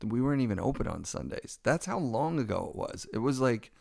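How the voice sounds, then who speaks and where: A middle-aged man hosting a podcast, telling stories with quick lively asides. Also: mid-range voice, creaky, no room sound, studio quality. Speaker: podcast host. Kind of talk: casual podcast conversation.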